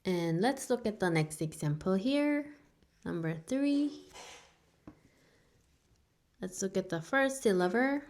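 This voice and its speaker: A woman's voice: medium pitch, animated, slow pace, pauses often, darkish tone. A woman teaching a beginner language lesson, a native Korean speaker who patiently repeats each sound several times for learners.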